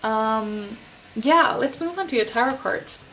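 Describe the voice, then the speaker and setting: A woman's voice: fairly high pitch, expressive, measured pace, fairly bright tone, a little hiss or hum. Finnish-accented woman, tarot reader, chatty and giggly, takes her time. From Finland. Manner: rambling and giggly, often laughing. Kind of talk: casual chat.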